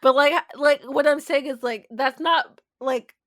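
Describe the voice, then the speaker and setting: A fairly high-voiced woman co-hosting a podcast, rambling through her thoughts with plenty of fillers. She gets emotional and giggly as she talks. Her voice is recorded dry, with no room sound. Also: moderate pace, a bit bright, no room sound. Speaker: podcast co-host. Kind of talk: casual chat recapping a TV episode.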